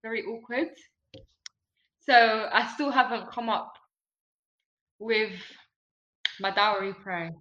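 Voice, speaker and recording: A woman's voice: medium pitch, takes it slowly, long pauses, pushed and bright, echoey room, highs cut off, slight background noise. A young woman as a podcast guest, speaking in a hesitant, thoughtful way. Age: young adult. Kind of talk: casual chat.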